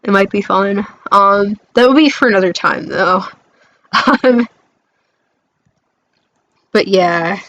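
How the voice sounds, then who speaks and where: A woman's voice: medium pitch, takes it slowly, gravelly, pauses often, fairly bright tone, no echo, muffled recording. A woman streamer chatting casually about a game, hesitant and full of fillers, often giggling.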